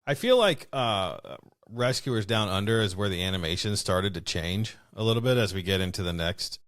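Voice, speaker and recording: A man co-hosting a podcast chats in an easygoing, agreeable way, his low-leaning voice lively in intonation and fairly bright in tone. He talks at a normal speed, and the recording is dry with clean studio sound.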